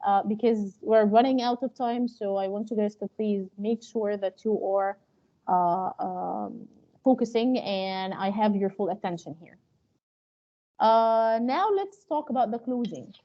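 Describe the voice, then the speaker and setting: A woman's voice: mid-range voice, a little slow, warm tone, lo-fi sound. A woman teaching an interpreting class in a loose, spoken lecture style, with many fillers and restarts. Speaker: interpreting instructor. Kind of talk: live online training lecture.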